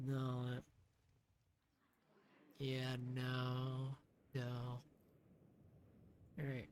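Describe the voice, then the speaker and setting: Man muttering and shouting over his game. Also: mid-range voice, a little hiss or hum. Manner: sarcastic, swings from mutters to shouts. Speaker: streamer. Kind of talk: live gameplay commentary.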